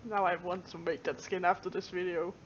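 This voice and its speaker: A woman's voice: on the low side, little pitch movement, brisk, lo-fi sound, a little hiss or hum. A woman gamer in casual chat, swearing casually and acting mock-annoyed.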